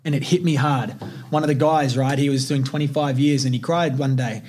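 A man's voice: medium pitch, steady tone, brisk, a little mellow, a little hiss or hum. A young man hosting a podcast, telling personal stories in a blunt, intense and heavily profane way. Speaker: podcast host. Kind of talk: casual podcast storytelling.

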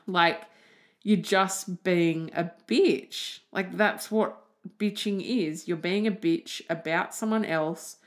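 A woman hosting a casual solo podcast, chatty and animated, swearing freely. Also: on the low side. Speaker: podcast host.

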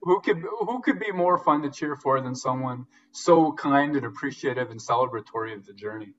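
Excited man sports guest, dull lo-fi sound. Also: medium pitch, normal speed, recorded from a distance. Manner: enthusiastic, gets emotional, fillers like "like" and "um". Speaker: podcast guest, sports reporter. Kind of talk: casual sports chat.

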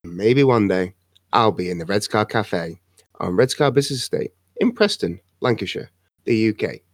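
A man giving a dry, unhurried plug for another podcast. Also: fairly low pitch, sing-song, no echo.

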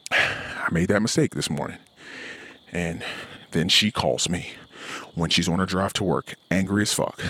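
A man's voice: low-pitched, a bit bright, husky, no echo. A middle-aged man, a podcast host, ranting in a profane personal monologue. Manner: profane, ranting, with heated quoted asides.

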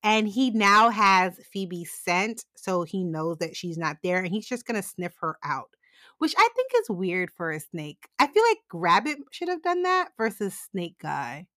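A woman's voice: medium pitch, big pitch swings, a little slow, pushed and bright, no room sound, studio quality. A woman co-hosting a podcast, giving a casual, sarcastic recap of an episode and swearing freely. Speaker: podcast co-host.

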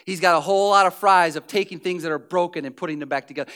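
Male pastor, high clear voice, lively preaching that dips to hushed tones. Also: quick pace. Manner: animated, acts out scenes, drops to near whisper. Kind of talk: sermon.

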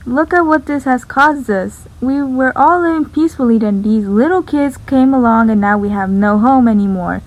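A woman reading the part of Nora, a bitter, hostile housewife who scolds her husband loudly. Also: fairly high pitch, normal speed, hardly any pauses, natural voice, low-quality recording. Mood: angry.

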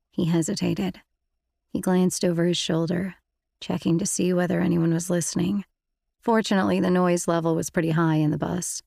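A woman narrates an audiobook in the first person, with reflective, intimate storytelling. Her voice sits low and carries a gravelly texture. The recording is close and completely dry. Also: flat delivery, moderate pace, dark tone, no echo.

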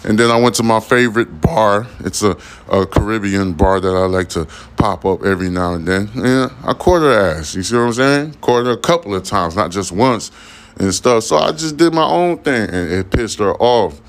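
A man's voice: on the low side, lively intonation, normal speed, slight background noise. A young man hosting a podcast, rambling casually in a profane, slang-heavy monologue. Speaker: podcast host.

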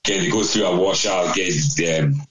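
A man's voice: low-pitched, a little fast, fairly bright tone, poor audio. A man telling a rambling anecdote over casual chat, swearing constantly. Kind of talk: casual storytelling.

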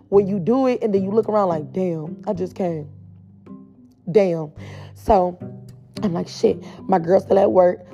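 A woman's voice: medium pitch, warm tone, highs cut off. A woman telling a blunt, profane storytime straight to her viewers in a casual, chatty way.

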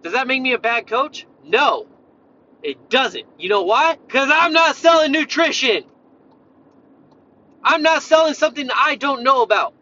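A man with a high, bright, edgy voice rants as a fitness coach, blunt and swearing freely as he jumps between points. The sound is a little muffled and lo-fi. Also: expressive, unhurried. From Tennessee, USA. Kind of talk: profane casual rant.

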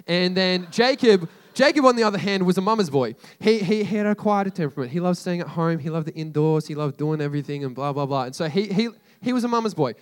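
A man's voice: sits high, lively intonation, fast. A man casually retelling a story to a group as a sermon, chatty and slangy, with frequent asides to his listeners.

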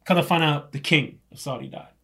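A man in casual conversation, telling his story at a quick clip. He talks with animation, laughs often and swears freely. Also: a little high, fairly even intonation, creaky, sharp tone.

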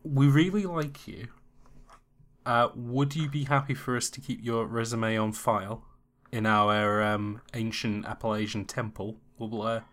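A man voicing a polite male job interviewer who speaks in a soft, formal, quietly apologetic way. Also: fairly low pitch, expressive, unhurried, few pauses, voice pushed down.

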